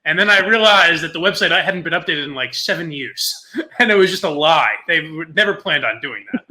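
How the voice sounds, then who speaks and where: Casting note: young male podcast host, high bright voice, loose laughing storyteller. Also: brisk. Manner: laughs often, swears, animated retelling. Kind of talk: casual storytelling chat.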